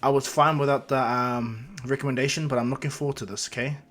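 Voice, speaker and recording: A man's voice: medium pitch, fairly even intonation, fast talker, a bit bright, soft background music, lightly acted. Casting note: easygoing, self-assured teen hero, voiced by a male storyteller. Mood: confident. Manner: easygoing, polite, firm when pushed. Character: confident friendly teenage boy hero.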